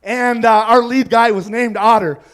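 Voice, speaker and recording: A man's voice: extremely high pitch, steady tone, moderate pace, fairly bright tone, clear, resonant tone. A man doing stand-up comedy, telling a rambling story on a club stage and laughing at his own lines.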